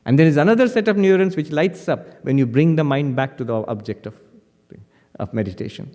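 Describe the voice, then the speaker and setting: A man who is a monk and teacher gives a spiritual lecture in an animated, gently humorous way, often correcting himself mid-word. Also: fairly high pitch, fairly quick. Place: lecture hall. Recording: lecture hall with long reverb.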